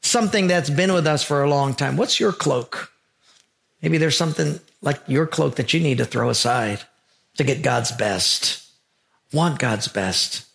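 A man's voice: mid-range voice, measured pace, vocal fry, fairly bright tone. A man preaching a sermon as a pastor, earnest and emphatic, telling stories to drive his point home.

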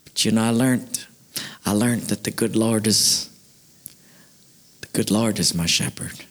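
A man playing a shy, humble older farmer who speaks softly and hesitantly in a folksy drawl. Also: on the low side, measured pace, pitched below the performer's own voice, natural voice. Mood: heartfelt.

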